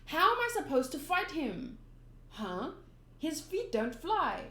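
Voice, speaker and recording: A woman reading a manga aloud voices a brash young male pirate who shouts eagerly. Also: sits high, big pitch swings, slow, voice pushed up, full character voice. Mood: determined. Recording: echoey room.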